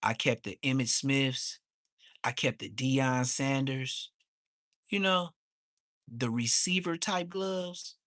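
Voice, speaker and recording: A man, ranting on a livestream. He is heated and mocking, and his voice suddenly jumps high. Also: takes it slowly, pauses often, a bit bright, no room sound, clean studio sound. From Inglewood, Los Angeles. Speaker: livestream host. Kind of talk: profane livestream rant.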